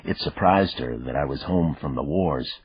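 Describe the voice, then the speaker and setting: A man narrating a thriller audiobook in the first person, measured and even, in a dull, dry recording. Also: extremely low pitch, husky, no room sound.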